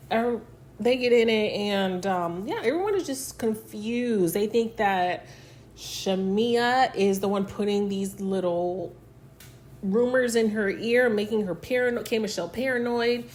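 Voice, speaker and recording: A woman's voice: fairly high pitch, measured pace, darkish tone. A woman casually recapping a reality TV episode, chatty and full of fillers, acting out what the cast said. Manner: chatty, filler-heavy retelling that acts out quotes.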